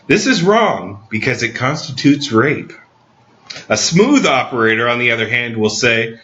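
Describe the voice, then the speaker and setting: A man's voice: medium pitch, sing-song, measured pace, sharp tone. A man hosting a comedy podcast, delivering a dry, mock-serious comedic monologue. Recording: slightly dull lo-fi recording.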